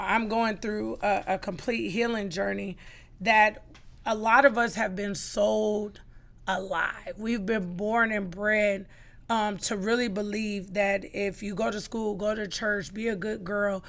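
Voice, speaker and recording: Podcast guest, middle-aged woman, gravelly edge, mid pitch, emphatic testimony. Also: bright, forceful tone. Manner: emphatic storytelling, acts out quoted lines.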